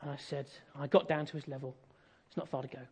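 A man's voice: medium pitch, flat delivery, fast talker. An English man preaching a sermon, telling a family story in a conversational way with self-deprecating humour.

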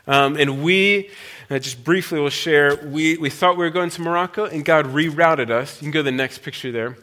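Bright-voiced man telling his story. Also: fairly high pitch, moderate pace. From United States. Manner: conversational storytelling, frequent fillers and restarts. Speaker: pastor and missionary speaker. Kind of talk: personal testimony talk to a church audience.

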